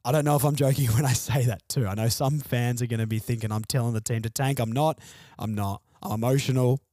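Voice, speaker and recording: A man's voice: medium pitch, steady tone, fast, dark tone, no echo, clean studio sound. A man hosting a fan podcast alone, venting frustrated, sardonic opinions about his team's loss. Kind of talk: solo sports podcast rant.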